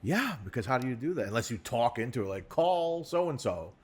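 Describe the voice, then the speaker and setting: A man's voice: mid-range voice, very animated, fast talker, slightly rough. A man co-hosting a podcast in a studio, chatting casually and rambling, with lots of restarts and asides. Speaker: podcast co-host. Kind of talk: casual chat. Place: podcast studio set in a recording studio.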